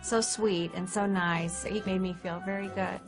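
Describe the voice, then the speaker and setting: A woman's voice: on the low side, steady tone, normal speed, over music. A woman, a talk show guest, telling her own story in a plain, matter-of-fact way. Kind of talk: recorded personal account.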